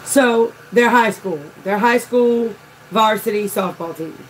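A woman, a softball coach, telling a chatty story while she works on a craft project, talking in an animated way and saying "y'all". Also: on the high side, slow pace, slight background noise, rough recording.

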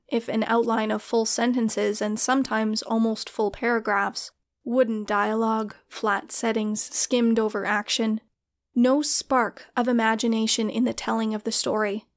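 A woman reading a short fantasy story aloud in a gentle, steady narration. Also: fairly high pitch, moderate pace. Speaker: audiobook narrator.

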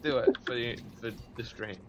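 A man's voice: medium pitch, normal speed, fairly bright tone, slight background noise. Teasing man pushing his friend on. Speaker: co-player and regular guest. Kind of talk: casual gaming chat.

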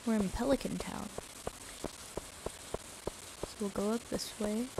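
A woman's voice: mid-range voice, fairly even intonation, a little slow, creaky, very noisy. A woman streaming a video game, chatting casually and giggling as she reacts aloud to what happens on screen.

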